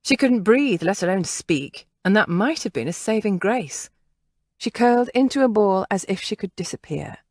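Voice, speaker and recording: An audiobook narrator, a woman with a mid-range voice, reads a historical novel in a measured, expressive way. It's scripted narration, recorded dry with studio quality.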